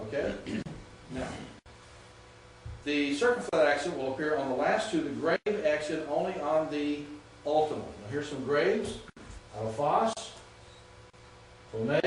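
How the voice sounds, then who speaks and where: A man's voice: on the high side, darkish tone, a little hiss or hum. A man teaching a class on Greek, explaining rules step by step and quizzing his students. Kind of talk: classroom lecture. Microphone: far from the mic. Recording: very echoey distant classroom recording.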